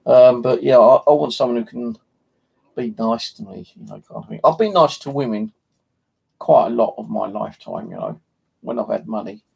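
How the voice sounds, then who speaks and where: An English man rambles through a casual live stream, joking crudely as he goes. His voice is gravelly and a touch husky, with a slight lisp from missing teeth. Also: medium pitch, big pitch swings, moderate pace, darkish tone. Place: home.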